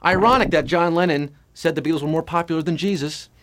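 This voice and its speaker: A man's voice: fairly high pitch, fairly bright tone. A man hosting a live trivia game, reading questions and cracking puns and jokes between answers. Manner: punning, joking, reads questions briskly. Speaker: quiz show host. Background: music.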